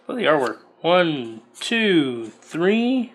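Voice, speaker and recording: Guy opening card packs on camera, slow and chatty, reads the card text out loud, voice a bit on the high side. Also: very animated. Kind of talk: casual unboxing commentary.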